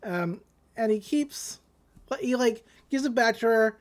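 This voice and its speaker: Young female podcast co-host, chatty anime recap, quick acted voices for every character. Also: fairly high pitch, animated. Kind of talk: casual recap of an anime episode.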